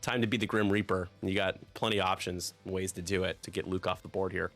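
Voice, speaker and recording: Guy casting a tabletop game on stream, lowish gravelly voice, jokey and self-deprecating, bright tone. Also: steady tone, fast talker, faint music behind. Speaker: league commentator. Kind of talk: live stream game commentary.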